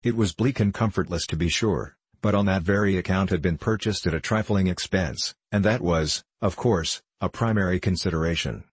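A man narrating a classic novel in a measured, formal storytelling manner. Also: low voice, breathy edge, no room sound. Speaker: audiobook narrator. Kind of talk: scripted narration.

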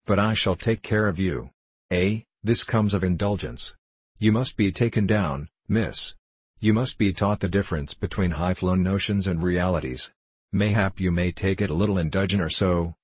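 A man's voice: low voice, husky, no room sound. A man reading a bullying old-time squire. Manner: domineering, scolding. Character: blustering bullying country squire, male, middle-aged. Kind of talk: audiobook character reading.

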